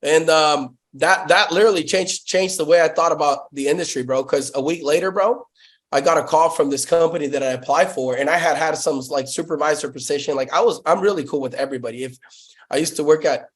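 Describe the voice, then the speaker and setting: A fairly high-voiced man spins an excitable, slangy story as an interview guest, cursing casually and dropping bro into nearly every sentence. He talks over a Bluetooth headset on a call. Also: a little fast. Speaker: guest, sales founder.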